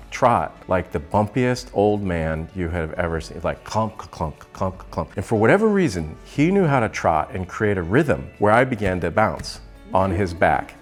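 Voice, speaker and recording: A middle-aged man from Arizona hosting a comic storytelling vlog, animated, conversational and often laughing. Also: sits low. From Arizona, USA. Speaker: host.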